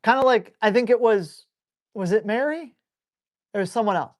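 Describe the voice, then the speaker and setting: A man working as a dog trainer, answering viewer questions on a live stream in a blunt, rough-talking way and playfully scolding dogs out loud. He is animated, speeding up and then drawing words out. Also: high-pitched. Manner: animated, switches between brisk and drawn-out speech. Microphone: live stream mic.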